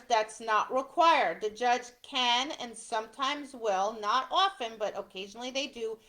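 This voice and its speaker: Middle-aged woman instructor, slightly high voice, slow and deliberate, walking through ring procedure and checking in with "right?". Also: fairly bright tone. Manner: explains step by step, often adds "right?". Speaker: dog obedience instructor. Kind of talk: instructional talk.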